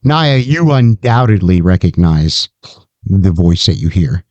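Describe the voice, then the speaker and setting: A man's voice: low-pitched, a little slow, a little mellow, dry recording, muffled recording. A man narrating as game master of a tabletop game, casual and calling for dice checks.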